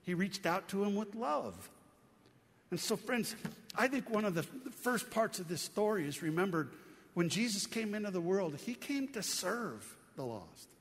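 Middle-aged guy preaching in church, earnest and chatty, lots of questions to the crowd, kinda high voice, echoey hall. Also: big pitch swings, moderate pace. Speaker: pastor. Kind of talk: sermon. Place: church sanctuary. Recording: long reverb from a hall.

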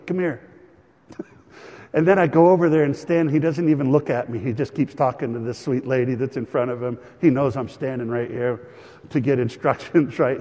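A man's voice: mid-range voice, mellow, muffled recording. A middle-aged man pastor preaching a sermon, telling stories with chuckles and fillers. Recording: long hall reverb.

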